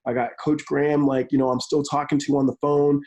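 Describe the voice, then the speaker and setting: A man in his thirties, a football coach and pastor, telling his story in an energetic interview, speeding up in quick bursts. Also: on the high side, muffled recording. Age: 30s. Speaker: college football analyst and pastor. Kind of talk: remote interview.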